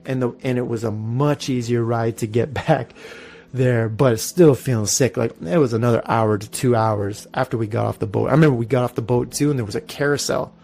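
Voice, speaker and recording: Gravelly-voiced man telling a story. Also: medium pitch, brisk. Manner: animated, profane storytelling with laughs. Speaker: podcast host. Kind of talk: casual storytelling.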